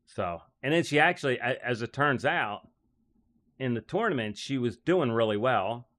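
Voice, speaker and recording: A man's voice: mid-range voice, lively intonation, normal speed, a bit bright. Rambling man telling caddie stories. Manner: rambling, heavy use of "like", frequent laughs. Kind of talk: casual storytelling.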